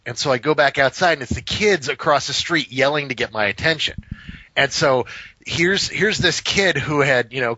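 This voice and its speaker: A man, a podcast co-host, tells a long story in casual talk. He is animated and profane, and he acts out each person in it. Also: mid-range voice, no echo. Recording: slightly dull, dry recording.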